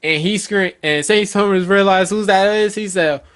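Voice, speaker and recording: A man casually recapping a manga chapter, reading out character quotes with excited slips and restarts. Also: sits high, normal speed. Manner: excited storyteller, reads quotes aloud with loose slips and restarts.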